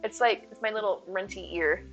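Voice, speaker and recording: A woman's voice: medium pitch, fairly quick, fairly bright tone, dull audio, faint music behind. A woman in her thirties streaming live, chatting in a rambling way, reading her chat aloud and thanking viewers.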